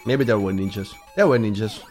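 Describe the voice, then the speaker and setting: A man's voice: on the low side, brisk, darkish tone, soft background music. A man streaming a game live, chatting casually, rambling with restarts, swearing and laughing often. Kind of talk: casual live-stream chat while gaming.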